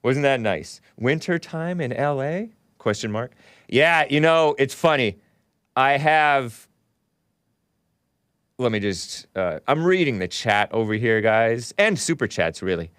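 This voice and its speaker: A man's voice: medium pitch, lively intonation, unhurried, fairly bright tone, smooth, no echo, studio quality. A congested man hosting a call-in talk show, rambling casually and laughing often between remarks. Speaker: talk show host taking calls and reading chat.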